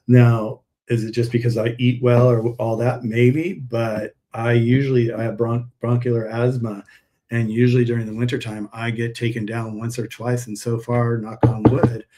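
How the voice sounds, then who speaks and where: Packing orders during a live stream, a herbal pet supplement seller chats in a friendly sales manner and wanders through rambling stories, his mid-range voice mellow.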